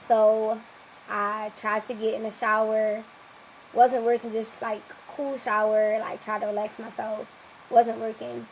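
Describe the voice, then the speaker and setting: A young woman, a podcast guest, telling a long personal story in a lively, casual way and acting out what people said. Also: fairly high pitch, unhurried, slight background noise, low-quality recording. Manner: lively, acts out quoted dialogue.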